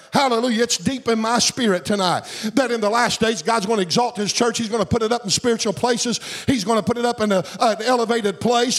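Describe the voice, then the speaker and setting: A man preaching a fervent sermon as pastor, breaking into shouts and a sing-song cadence. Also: sits high.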